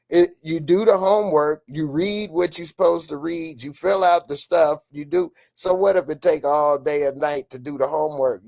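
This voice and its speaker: A man hosting a casual live stream, ranting emphatically as he answers viewers' comments. His voice sits a little higher than most men's, and his delivery is loose and conversational. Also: darkish tone.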